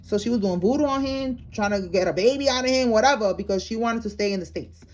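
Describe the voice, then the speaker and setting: A woman's voice: a little high, fast, darkish tone. A woman giving a casual tarot reading to her viewers, talking in a slangy, blunt way and calling them y'all. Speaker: tarot reader.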